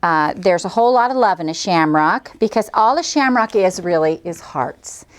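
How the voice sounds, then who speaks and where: A woman's voice: lowish voice, lively intonation, normal speed. A middle-aged woman hosting a quilting tutorial, chatting cheerfully and folksily as she demonstrates each step. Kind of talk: friendly craft demonstration.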